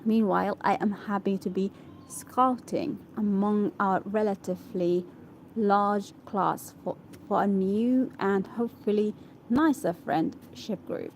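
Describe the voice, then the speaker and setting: Slow halting woman reading aloud. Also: medium pitch, a little hiss or hum, poor audio. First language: Arabic. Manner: halting, self-correcting, checks pronunciation of words. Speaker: English learner. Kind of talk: reading an article aloud for practice.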